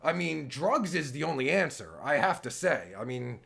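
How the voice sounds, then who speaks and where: A man's voice: a little high, big pitch swings, normal speed, vocal fry, a bit bright. A man hosting his own livestream, reacting to a clip in an exasperated, sarcastic and stammering rant. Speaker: podcast host reacting to a clip.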